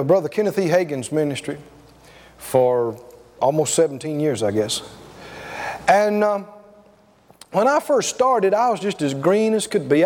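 High-voiced, lively storytelling preacher man. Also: in a large hall. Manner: animated storytelling, chuckling. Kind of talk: sermon.

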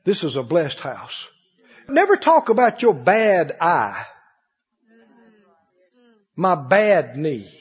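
Preacher with a lively, soaring voice. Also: male voice, slow, long pauses, husky. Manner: preacherly call-and-response, swinging from loud high cries to low murmurs. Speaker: pastor. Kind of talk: sermon. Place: large church hall. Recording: muffled recording with long hall reverb.

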